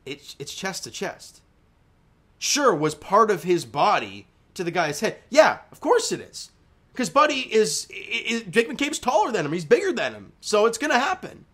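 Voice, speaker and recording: Animated young man ranting about hockey calls. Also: high-pitched. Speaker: hockey commentator. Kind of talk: casual game recap over replays.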